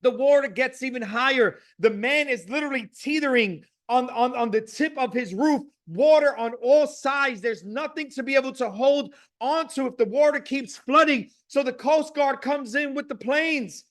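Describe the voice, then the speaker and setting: Sex: man. Role: motivational speaker. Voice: very high-pitched. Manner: preachy, emphatic, repetitive. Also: normal speed, few pauses. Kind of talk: motivational speech with storytelling.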